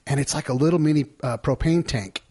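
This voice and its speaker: A man who served in the military, a guest on a podcast, telling war stories in a relaxed, rambling way. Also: on the high side, fairly quick, breathy edge. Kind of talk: casual chat.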